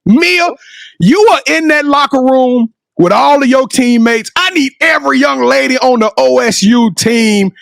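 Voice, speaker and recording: A man from Louisiana hosting a sports talk podcast, loud and excitable, often breaking into shouts. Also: extremely high pitch, a little slow, vocal fry, dry recording. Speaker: podcast host. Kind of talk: hype talk-show hosting.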